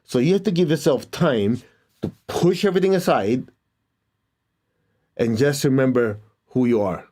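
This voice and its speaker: A man teaching and leading a guided meditation, giving calm, gentle instructions and prayers. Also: mid-range voice, moderate pace, long pauses.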